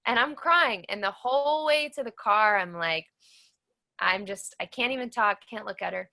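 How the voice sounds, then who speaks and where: A woman speaks with real conviction in an interview, telling her own story in a bright, forceful tone. Her voice carries a noticeable gravelly fry. She leans on repetition for emphasis as she recounts what happened. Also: mid-range voice, moderate pace. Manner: earnest, emphatic storytelling with repeated phrases. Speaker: cancer survivor guest. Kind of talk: personal testimony interview.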